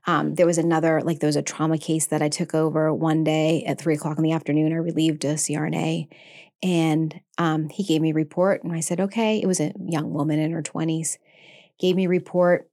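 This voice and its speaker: A middle-aged woman speaking in a slightly low voice, telling her story candidly and earnestly. She talks in a loose, conversational way and often slips into quoting her own past thoughts. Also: level tone, a little fast, warm tone. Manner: earnest, emotional retelling with quoted inner speech. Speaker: podcast guest, nurse anesthetist and founder.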